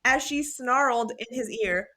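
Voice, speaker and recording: A young adult woman co-hosting a podcast, recapping a book in casual chat, animated and sweary, acting out the characters' lines. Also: high-pitched, moderate pace. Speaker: podcast co-host.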